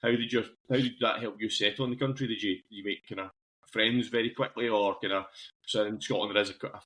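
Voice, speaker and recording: A man's voice: fairly low pitch, steady tone, fast talker, a bit bright. A man hosting a podcast and asking long, rambling questions full of fillers. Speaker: podcast host, interviewer. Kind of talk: casual interview chat.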